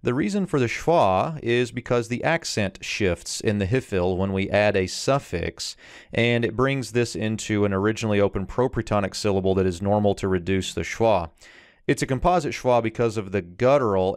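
A man walks through the grammar of an ancient verse in a lower, smooth, resonant voice. He is recorded dry and close, with no room sound. He explains steadily, slows down to read phrases aloud, and fills pauses with an occasional "uh.". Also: dry recording. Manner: explanatory, with frequent "uh" fillers and slowed readings of Hebrew. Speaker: Hebrew teacher.

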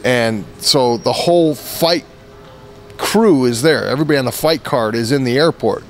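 A former fighter, a man with a mid-range voice, talks at a moderate pace in a casual interview. He tells a long anecdote in a loose, rambling way, often restarting his sentences.

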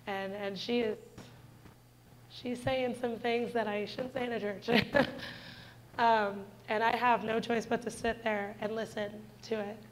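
A woman's voice: a little high, steady tone, measured pace, a little hiss or hum, poor audio. A woman in her twenties giving a heartfelt personal testimony in a church, speaking earnestly and directly to the congregation. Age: 20s.

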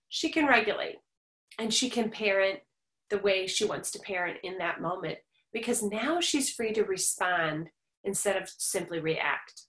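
Gentle parenting teacher, echoey room. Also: female voice, on the high side. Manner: gentle, reassuring, reflective, pauses to repeat words. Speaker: parenting class instructor. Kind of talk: recorded online class Q and A.

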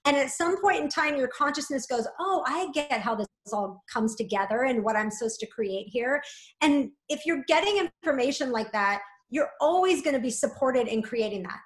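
A woman guest talking in a flowing, gently encouraging way, often adding "like" and "right?". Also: sits high, animated, moderate pace, echoey room. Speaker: guest, spiritual coach. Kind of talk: reflective conversational interview.

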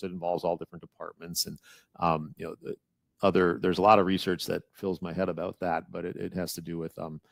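Deep-voiced man with a Wisconsin accent. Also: gravelly, dry recording, studio quality. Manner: rambling, many restarts and fillers. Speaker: guest presenter. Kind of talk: webinar Q&A, casual explaining.

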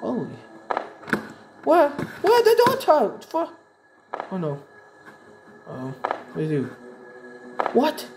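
A woman playing a horror game, talking in excitable, exclamatory bursts and swearing at it. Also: sits high, takes it slowly, pauses often, over loud music, low-quality recording. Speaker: gamer. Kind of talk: let's play commentary. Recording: loud background noise.

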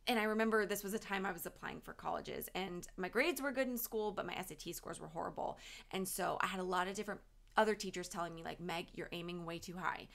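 A woman co-hosting a podcast, chatting casually and warmly with lots of fillers. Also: medium pitch, fast, creaky. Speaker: podcast co-host. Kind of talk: casual chat.

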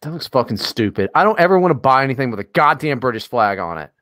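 A man's voice: medium pitch, sing-song, fast talker, fairly bright tone, no echo, clean studio sound. An American man co-hosting a podcast, talking in a casual, profane and sarcastic way with lots of fillers. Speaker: podcast co-host. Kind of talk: casual chat.

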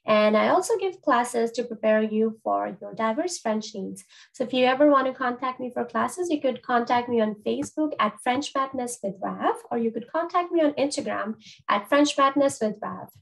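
Chatty woman French teacher, high voice. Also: gravelly, rough recording. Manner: chatty, with frequent "um" and "so" restarts. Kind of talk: explaining an exam to learners.

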